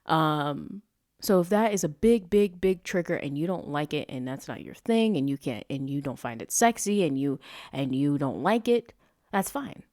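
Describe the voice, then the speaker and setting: A woman's voice: low-pitched, lively intonation, normal speed, darkish tone, no room sound, clean studio sound. Rambling, profane young woman podcaster. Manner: rambling, self-interrupting, profane. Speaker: podcast host. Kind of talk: casual book review monologue.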